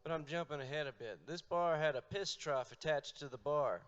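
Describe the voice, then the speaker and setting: A man telling a long, profane, deadpan story on stage between songs. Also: a little high, moderate pace, clean tone, dull audio. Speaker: comedic storyteller and musician. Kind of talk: stand-up storytelling.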